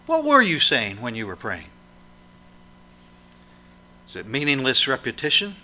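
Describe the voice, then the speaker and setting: Bright-voiced preacher giving an emphatic sermon. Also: male voice, medium pitch, wildly swooping pitch, unhurried. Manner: emphatic, questioning, swells and drops for emphasis.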